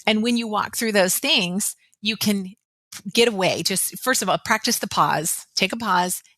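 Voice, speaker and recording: A woman's voice: medium pitch, unhurried, bright, forceful tone, dry recording. A woman in her forties, a weight loss coach, telling her story openly as a podcast guest. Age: 40s. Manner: earnest, open storytelling. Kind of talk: podcast interview.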